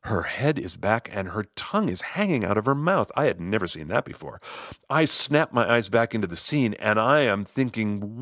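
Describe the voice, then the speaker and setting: A middle-aged man telling a personal story in an animated way, acting out the lines of other people. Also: medium pitch, normal speed, dry recording, studio quality. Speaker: host, storyteller. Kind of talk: personal story told to listeners.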